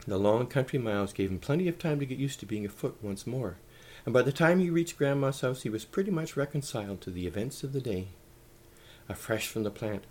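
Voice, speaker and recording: A man reading a humorous story aloud in a wry, lively way. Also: on the low side, slight background noise.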